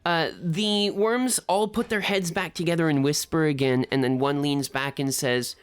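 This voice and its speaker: A woman's voice: low voice, steady tone, moderate pace, hardly any pauses, smooth. A woman running a tabletop game as game master, narrating scenes in a descriptive, meandering way.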